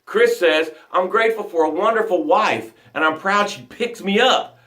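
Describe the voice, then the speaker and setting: A man's voice: high-pitched, normal speed, roomy sound. A man hosting a live motivational broadcast as a coach, talking emphatically and reading out viewer comments. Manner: energetic, emphatic, reads viewer comments aloud.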